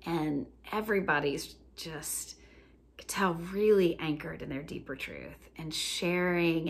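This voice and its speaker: A woman coach casually telling a funny story, easygoing, with frequent fillers and laughter. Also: on the low side. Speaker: joy coach.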